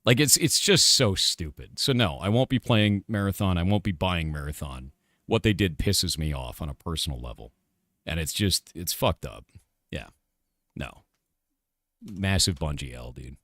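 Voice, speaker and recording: A middle-aged man on a live stream, venting in a casual rant full of swearing and hard emphasis. His voice sits fairly low yet swings widely up and down, and the sound is close and dry. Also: animated, moderate pace, fairly bright tone, no echo. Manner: angry, profane, emphatic. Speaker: streamer and game developer.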